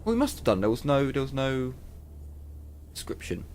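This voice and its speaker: Man, casual game commentary, frog in throat, lively pitch, faint hum behind. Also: normal speed. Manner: casual, muttering asides, coughing. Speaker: gaming video host. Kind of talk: let's play commentary.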